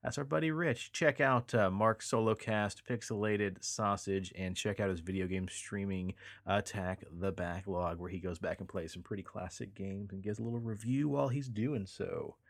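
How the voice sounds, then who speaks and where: Laid-back low-voiced male podcast host. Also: moderate pace, gravelly, no room sound, studio quality. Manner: laid-back, swears casually, emphatic sign-offs. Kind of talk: casual chat.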